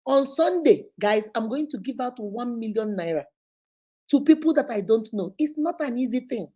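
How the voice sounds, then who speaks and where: A middle-aged woman with a Nigerian accent talks straight to her followers in a chatty, preaching way. Her voice sits a little high but sounds mellow and warm. She drops pidgin and Igbo words into her English. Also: animated, moderate pace. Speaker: vlogger giving relationship advice. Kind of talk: casual advice talk to followers.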